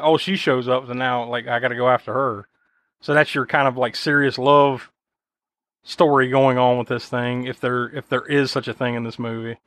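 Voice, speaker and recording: A man's voice: medium pitch, a bit bright, dry recording. A man hosting a podcast, chatting casually about a film in a rambling, profane way full of fillers. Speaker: podcast host.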